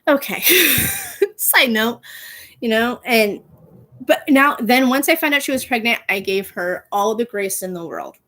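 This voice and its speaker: A woman in her thirties hosting a casual pop culture podcast, chatty and animated, laughing often and using playful slang. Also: a little high, a little slow. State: gets out of breath walking, pregnant. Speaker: podcast host.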